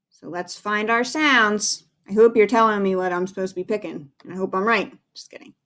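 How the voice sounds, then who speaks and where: A woman's voice: medium pitch, normal speed, a bit bright. A young woman teacher giving a patient, sing-song phonics lesson to young children, calling out sounds for them to repeat.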